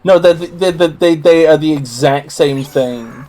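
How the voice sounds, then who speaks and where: A man's voice: a little high, a little slow, over music. A man co-hosting a casual gameplay stream, rambling and opinionated, often correcting himself mid-sentence. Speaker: streamer co-host.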